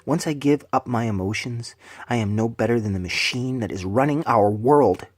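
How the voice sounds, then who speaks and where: A man delivering an angry, profane, preachy rant to his viewers, swinging between loud bursts and low, hushed lines. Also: normal speed, no room sound, studio quality. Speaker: vlogger.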